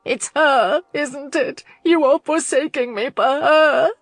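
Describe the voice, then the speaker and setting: Woman voicing a sobbing young noblewoman, high and tearful. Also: little pitch movement, unhurried, dry recording, faint music behind. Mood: distraught pleading.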